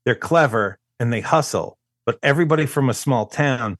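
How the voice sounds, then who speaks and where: A man co-hosting a movie podcast, speaking in a mid-range voice in loose, animated chat. He stumbles and restarts his sentences often as he builds his point. The recording is close and dry, with no room sound. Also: mid-range voice, normal speed, no echo. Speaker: podcast co-host. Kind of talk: casual movie review chat.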